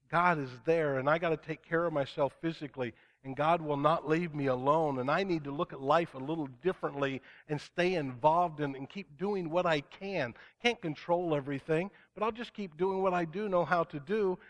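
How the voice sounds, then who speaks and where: A man preaching to his congregation, earnest and emphatic. His voice sits a little higher than most men's, and he draws out the words he wants to land. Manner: earnest, emphatic, slows down to stress key words. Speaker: pastor. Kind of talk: sermon.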